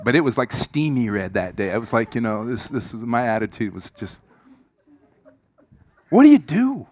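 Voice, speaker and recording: A middle-aged man preaching a sermon in church, telling a personal story with big swings from shouts to hushed asides, his throat a little squeaky. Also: big pitch swings, normal speed. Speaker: pastor.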